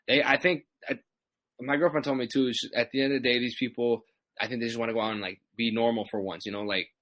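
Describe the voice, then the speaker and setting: A man's voice: mid-range voice, quick pace, dry recording. A young adult man telling stories in a casual chat, acting out what people said. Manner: animated storyteller, acts out quotes. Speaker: podcast guest.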